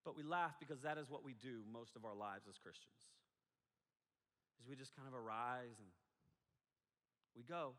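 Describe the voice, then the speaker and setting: A man preaching a sermon in a casual, animated way, breaking into asides and acting out quotes, heard in an echoey hall. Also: mid-range voice, normal speed, pauses often. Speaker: pastor.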